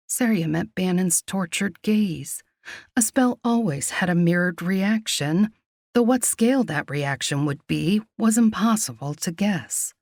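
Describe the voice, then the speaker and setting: A woman giving scripted, measured narration of a romance audiobook. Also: lowish voice, lively intonation, darkish tone, dry recording, clean studio sound.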